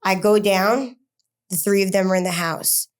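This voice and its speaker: A woman, an interview guest, recounting a personal story in a halting way, with many fillers and restarts and rushed bursts of words. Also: medium pitch, fairly even intonation.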